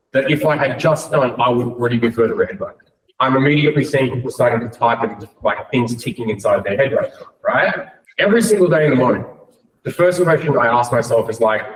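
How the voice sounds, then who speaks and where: A man coaching a room of people, talking bluntly with lots of swearing and frequent "right?" and "like". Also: medium pitch. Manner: blunt and profane, many "right?" and "like". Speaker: business coach. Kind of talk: motivational talk to a room. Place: room with an audience. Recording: echoey room, mic at a distance.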